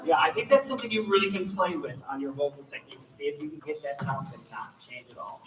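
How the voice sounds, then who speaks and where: A man directing a choir rehearsal, giving energetic coaching instructions and demonstrations to the singers. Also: fairly high pitch, quick pace, loud music behind the voice. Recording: echoey room, mic far off, faint ambience.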